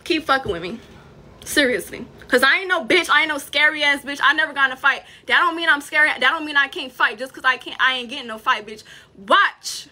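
A woman's voice: high-pitched, a little fast, sharp tone. A young woman with a Virgin Islands accent, ranting on a livestream in a furious, profane, threatening way. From Saint Thomas, US Virgin Islands. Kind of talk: heated livestream rant.

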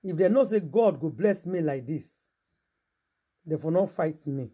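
Man, Nigerian Pidgin accent, raspy, fairly high voice, casual vlog talk, preachy and rhetorical. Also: animated, measured pace, warm tone. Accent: Nigerian Pidgin English. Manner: preachy, rhetorical, talks straight to viewers. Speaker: gossip vlogger. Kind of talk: casual commentary.

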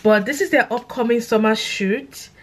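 A young woman with a London accent, chatting excitedly to camera in a casual vlog, gushing and animated. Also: a little high, normal speed. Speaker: content creator.

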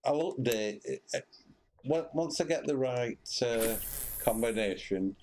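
A man's voice: medium pitch, lively intonation, takes it slowly, a little mellow, slight background noise. A man giving casual commentary while streaming a fishing game, rambling with many fillers and restarts.

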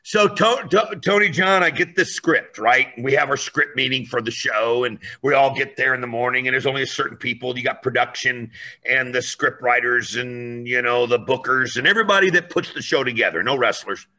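A man telling a story in a lively, animated way, acting out voices and raising his voice for effect. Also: mid-range voice, brisk.

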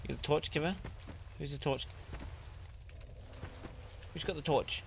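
A man streaming a video game with casual commentary, excitable and sarcastic, swearing a lot. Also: a little high, measured pace, vocal fry, background noise.

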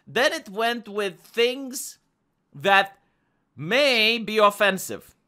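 This live streamer, a man from Romania with a Romanian accent, argues through a casual monologue very slowly, frequently repeating words as he restarts. His high voice swings widely in pitch and has a bright, forceful tone.

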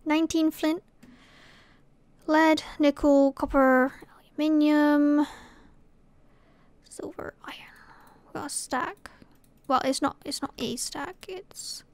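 A woman's voice: high-pitched, a little mellow, no echo. A woman from Scotland commentating her gameplay casually, muttering to herself and often dropping to a whisper. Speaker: gaming channel host.

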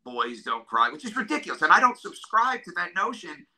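A middle-aged man from New York State, talking in an interview about hard times in an earnest, halting way that keeps getting emotional. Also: high-pitched, big pitch swings, pushed and bright, poor audio. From New York State, USA. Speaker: drummer and guest.

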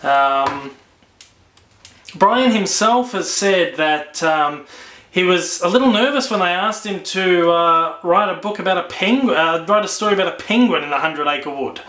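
A man's voice: high voice, animated, a little slow, pushed and bright, reverberant. A man with an Australian accent casually reviewing books on video, enthusiastic and prone to repeating words. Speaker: book reviewer.

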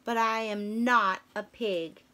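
A woman voicing a gentle young male elephant in a children's storybook read-aloud, who speaks slowly and earnestly in a sorry tone. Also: mid-range voice. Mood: sad.

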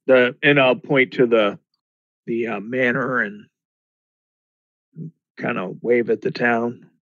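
A man's voice: medium pitch, fairly even intonation, fairly bright tone, no room sound, lo-fi sound. A man playing in a tabletop game, hesitant and full of ums. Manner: slow, hesitant, lots of ums. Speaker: player.

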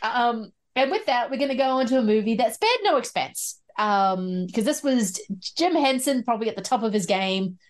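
A woman's voice: on the high side, lively intonation, moderate pace, hardly any pauses. A woman hosting a podcast over a video call, chatting casually and laughing often. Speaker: podcast host. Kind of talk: casual chat.

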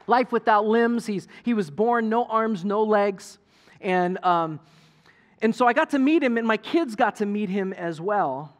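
A middle-aged male pastor preaching a sermon in a conversational, animated storytelling way, acting out quotes from people. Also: high-pitched, moderate pace, a little hiss or hum.

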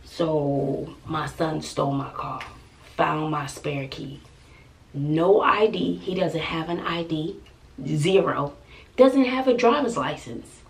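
Exasperated Texan mom with a gravelly voice. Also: female voice, low-pitched, expressive, takes it slowly, recorded from a distance. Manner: exasperated, emphatic storytelling. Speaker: family vlogger. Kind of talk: venting to camera.

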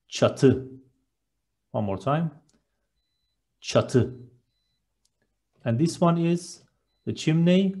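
Male language teacher, mellow tone, slow and patient, repeats each word. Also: fairly high pitch. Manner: slow, careful, repeating words for learners. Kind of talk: slow, clear vocabulary lesson.

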